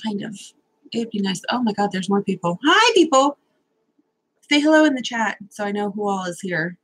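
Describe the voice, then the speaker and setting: A woman's voice: mid-range voice, animated, a little fast, poor audio. A young woman hosting a casual live stream, chatty, nervous and self-deprecating, swearing now and then as she sorts out technical problems.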